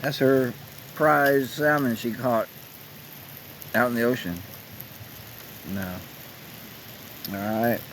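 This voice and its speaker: A man filming a relaxed, rambling camping vlog at an outdoor campsite on a handheld camera. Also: mid-range voice, slow pace, pauses often, rough recording. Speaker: vlogger. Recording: faint outdoor noise.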